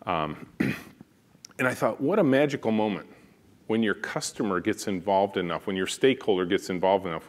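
A man with a deep, booming, low-pitched voice gives a conference keynote. He tells stories in an animated way, acting out the dialogue as he goes. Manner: animated, storytelling, acts out dialogue. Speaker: keynote speaker and company founder. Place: conference stage.

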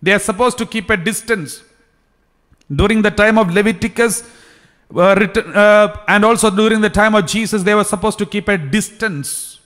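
A high-pitched man preaches a sermon, taking his time and circling back to repeat his points. His voice rings out with a long reverb tail, as in a large hall. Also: fairly bright tone. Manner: preaching slowly with repetitions and restarts. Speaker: priest.

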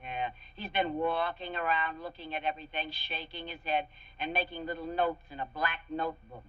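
An actress playing an eager, wisecracking bank secretary in a 1960s sitcom. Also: female voice, sits low, fairly even intonation, natural voice. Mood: chirpy. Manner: chirpy, quick retorts. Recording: dull 1960s TV soundtrack.

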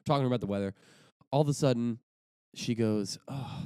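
A man's voice: medium pitch, a little fast, darkish tone, clear, resonant tone, no room sound, clean studio sound. A young man in his twenties, co-hosting a podcast, rambling through a story with restarts and casual swearing. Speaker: podcast co-host.

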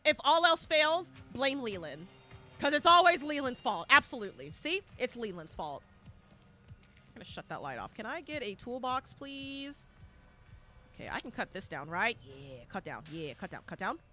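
Female streamer, tone, animated live horror-game commentary, high and lively. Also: normal speed, soft background music. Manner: chatty, dramatic, swings from hushed to shrieking.

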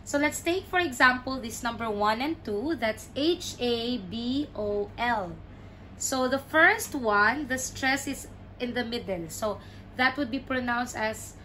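Lady teaching pronunciation, slow and careful, a bit of hiss behind. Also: on the high side, animated, pushed and bright. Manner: repeats words, stressing syllables clearly. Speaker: language teacher. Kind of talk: slow, deliberate pronunciation lesson.

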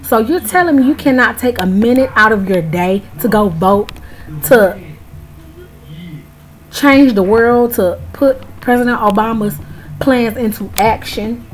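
A woman's voice: on the high side, unhurried, rough recording. A woman in her early twenties talking straight to viewers in an outraged, emphatic casual vlog rant. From United States. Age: early 20s. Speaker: vlogger. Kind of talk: casual ranting vlog to camera.

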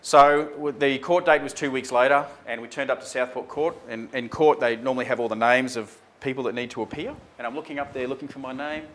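A man's voice: medium pitch, steady tone, a little fast, hardly any pauses, fairly bright tone. A man recounting a run-in with police on air, acting out the dialogue in a casual, conversational way. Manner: acts out dialogue, conversational with frequent ums and "mate". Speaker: speaker recounting a traffic stop. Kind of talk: animated spoken storytelling on air.

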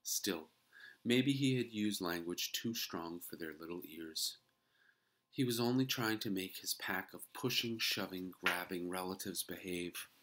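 Very deep-voiced woman reading a storybook. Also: unhurried, slight background noise. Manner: expressive, lively storybook reading. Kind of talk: reading a children's book aloud.

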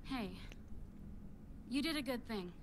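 A blunt, tough young woman in a game cutscene, high-pitched and brash, swearing as she talks. A faint hiss sits behind her. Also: animated, slow.

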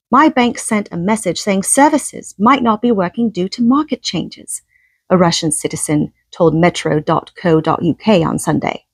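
A woman's voice: mid-range voice, breathy edge, dry recording, heavily acted. A woman reading a news report aloud while putting on an English accent in a formal reporting tone. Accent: put-on English.

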